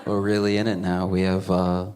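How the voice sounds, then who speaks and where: A man's voice: sits low, normal speed, very noisy. A stand-up comedian telling a story on stage, acting out voices and laughing as he talks. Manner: animated, acts out voices, laughs through lines.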